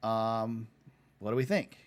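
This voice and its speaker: A man hosting a podcast, reading out news items and tossing questions to his co-host in a relaxed, casual way. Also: fairly low pitch, takes it slowly. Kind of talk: casual sports chat.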